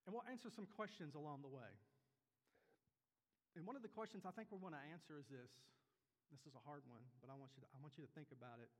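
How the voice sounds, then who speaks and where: Male pastor, slightly high voice, conversational sermon, hall reverb. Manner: conversational, asks the congregation questions.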